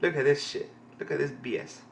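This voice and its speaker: Man, swearing, laughing comic-reading streamer, fairly high voice. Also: fairly even intonation, fairly quick, vocal fry, a little hiss or hum. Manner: profane, laughing, rambling. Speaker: reaction streamer. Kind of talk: live comic-reading reaction.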